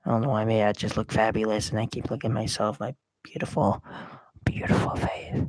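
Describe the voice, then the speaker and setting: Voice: medium pitch, steady tone, quick pace, a little mellow, dry recording. A young gamer rambling in casual gameplay commentary, talking to himself and the audience, recorded close on a microphone.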